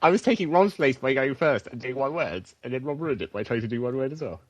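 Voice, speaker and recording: A man's voice: medium pitch, quick pace, dry recording. A man co-hosting a casual podcast, telling stories with lots of laughter. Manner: animated, laughing, storytelling. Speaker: podcast co-host. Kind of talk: casual chat.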